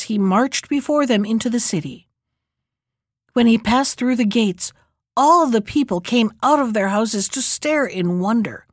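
Woman reading a fairy tale aloud, steady pace, highish voice, dry close mic. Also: no echo. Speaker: narrator. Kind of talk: storybook reading.

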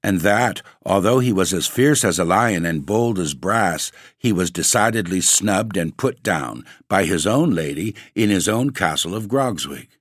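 A man narrating a classic story for a podcast, in a measured, wry storytelling manner. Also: low voice, animated, no room sound, clean studio sound. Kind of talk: scripted ghost-story reading.

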